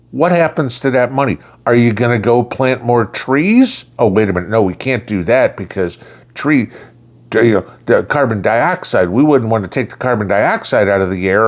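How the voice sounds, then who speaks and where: A middle-aged man with a blunt, lecturing and sarcastic way of talking, delivering a casual opinion monologue as a channel host. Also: medium pitch.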